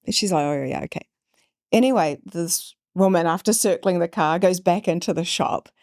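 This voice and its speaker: Animated storytelling woman, dry sound. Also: fairly low pitch, normal speed, no room sound. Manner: animated, acts out quoted voices. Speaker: podcast guest. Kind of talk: storytelling in conversation.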